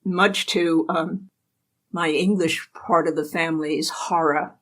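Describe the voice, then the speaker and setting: An older American woman with a low, steady voice that's a bit bright speaks slowly as an interview guest. She tells anecdotes chattily and laughs often in this casual storytelling interview, though the audio is poor.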